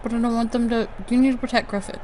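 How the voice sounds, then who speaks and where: Brief: woman co-commentator; high, fretful, openly biased. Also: fairly even intonation, rapid-fire, a crowd in the background. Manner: playfully partisan, fretful. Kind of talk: casual commentary.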